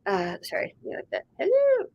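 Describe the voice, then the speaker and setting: A woman's voice: very high-pitched, wildly swooping pitch, moderate pace, a little mellow, no echo, highs cut off. A woman doing an intuitive reading on a live stream, talking in a rambling, conversational way straight to the viewer. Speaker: intuitive reader. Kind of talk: live online reading session.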